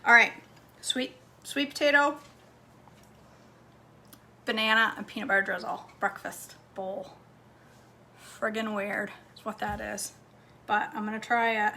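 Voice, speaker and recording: A woman's voice: mid-range voice, steady tone, a little slow, long pauses, pushed and bright, slight background noise. A woman vlogging casually from her home kitchen, chatting to viewers and her dog as she cooks. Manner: chatty, talks to her dog between steps. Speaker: cooking vlogger.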